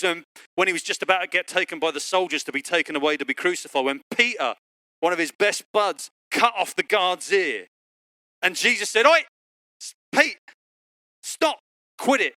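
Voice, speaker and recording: A man preaching a sermon in a bright, slightly high voice. He tells stories in a casual way and leaps up in pitch to act out what people said. The sound is close and dry. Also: dry recording. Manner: lively storytelling, acting out quotes with big pitch jumps. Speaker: pastor. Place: church online service.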